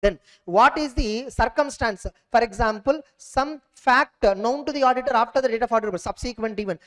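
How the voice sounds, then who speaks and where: A high-voiced man teaching an audit exam revision class at a brisk clip. He drills each point with repetition and keeps asking students if they are clear. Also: a bit bright.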